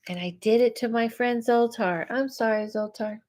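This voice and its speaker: A woman's voice: on the high side, moderate pace, a little mellow. A woman psychic host giving live readings, chatty and reacting to viewer comments aloud. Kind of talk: live-stream reading chat.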